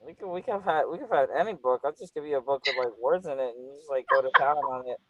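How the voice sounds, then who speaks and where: A man's voice: medium pitch, very fast, highs cut off, a crowd in the background. A man hosting a casual, flirty interview, teasing his guest and laughing often. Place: California.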